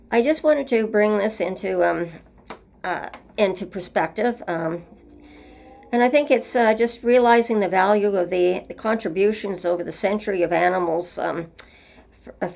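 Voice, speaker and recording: A woman talks straight to her listeners in a gravelly, creaky voice. She wanders from thought to thought in an earnest storytelling manner, hosting a reflective solo show. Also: mid-range voice. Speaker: host.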